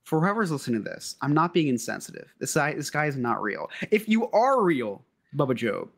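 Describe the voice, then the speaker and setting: A man's voice: a little high, a little fast, creaky. A man co-hosting a comedy podcast, telling a story and reading out messages with frequent laughter. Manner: animated, laughing often. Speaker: podcast co-host.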